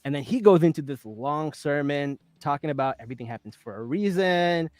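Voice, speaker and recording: A man's voice: fairly high pitch, lively intonation, fairly quick, no room sound. A man hosting a podcast, chatting casually and laughing often as he recaps an episode. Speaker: podcast host.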